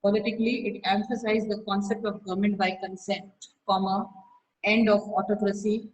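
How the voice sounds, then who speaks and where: A woman's voice: medium pitch, level tone, moderate pace, lo-fi sound. A woman teacher dictates notes to an online class over a video call. She repeats each phrase and calls out the punctuation, then sharply scolds students by name.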